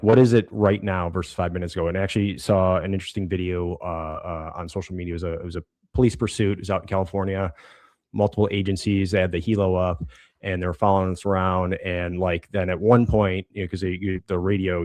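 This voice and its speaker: A man's voice: low voice, little pitch movement, darkish tone, no echo. A man co-hosting a podcast, explaining ideas in casual conversation with frequent restarts and fillers. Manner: halting, many restarts and fillers. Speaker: podcast co-host.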